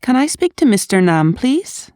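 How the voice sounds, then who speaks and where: A woman reading short English practice sentences, carefully and clearly, with a lift on polite requests. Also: medium pitch, expressive, moderate pace, darkish tone, dry recording, studio quality.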